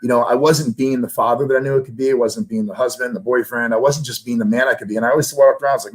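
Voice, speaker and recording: A man's voice: mid-range voice, fast, rough recording. Earnest, emotional man in an interview. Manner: earnest and emotional, grows louder when passionate. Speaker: guest, sales trainer and life coach. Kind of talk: candid interview talk.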